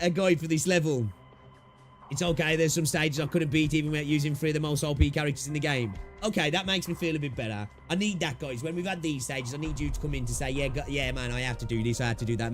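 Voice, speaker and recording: A young man live-streaming a game, chatting casually with his viewers, swearing freely and repeating his own phrases. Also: fairly high pitch.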